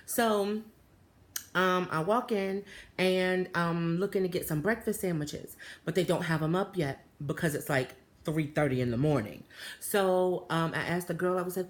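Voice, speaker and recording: A woman, talking casually to camera in a chatty, animated way. Her voice sits a little low for a woman, and she fills her story with fillers and little asides to her viewers. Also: moderate pace. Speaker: vlogger.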